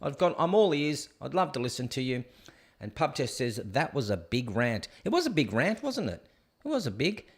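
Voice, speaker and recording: A man hosts a live stream and rants at his viewers with a sarcastic edge. His voice sits at an ordinary middle pitch, and he talks straight to the audience. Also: big pitch swings, moderate pace. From Australia. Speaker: host. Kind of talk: opinionated live-stream commentary.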